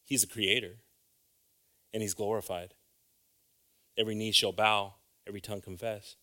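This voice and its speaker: A man preaching an informal sermon, talking conversationally and checking in with the congregation, then building to loud, fervent exhortation. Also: on the low side, flat delivery, normal speed. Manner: conversational, often asks the congregation "right?".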